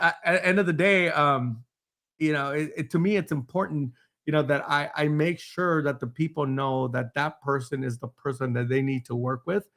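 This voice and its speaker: A man with a slightly high, somewhat bright voice hosts a panel discussion on code enforcement. A building official, he rambles, restarts often, and laughs now and then.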